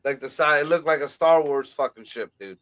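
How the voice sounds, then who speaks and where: A man co-hosting a casual livestream chat, excitable and profane, given to conspiratorial talk. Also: fairly high pitch, brisk, rough recording. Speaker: podcast co-host.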